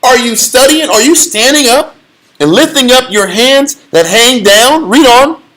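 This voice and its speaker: A man with a notably high-pitched voice leads a lively scripture class. He preaches in an emphatic, challenging way, throwing rhetorical questions at the room. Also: unhurried, low-quality recording. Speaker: Bible teacher.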